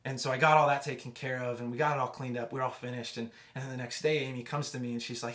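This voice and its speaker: Young adult male youth pastor, casual storyteller, restarts a lot, goes hushed at tender parts. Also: mid-range voice, steady tone, very fast, hardly any pauses. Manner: conversational, many restarts, drops to hushed tones for emotional moments.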